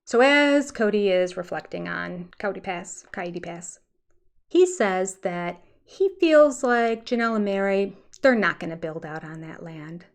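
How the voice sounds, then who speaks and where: An older woman hosting a casual commentary on a TV show, expressive and teasing, with sarcastic asides. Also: medium pitch, unhurried, hardly any pauses. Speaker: host.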